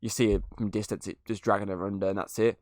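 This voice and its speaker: A man's voice: lowish voice, flat delivery, fast talker, a little mellow, dry recording, studio quality. A man hosting a podcast, reviewing a movie in casual chat, swearing freely and laughing at scenes. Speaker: podcast host.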